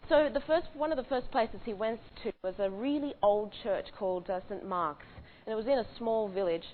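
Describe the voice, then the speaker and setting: A woman's voice: fairly high pitch, a little fast. Woman retelling a story over tinny audio. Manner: conversational with frequent restarts and fillers. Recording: tinny phone-like audio with faint hiss.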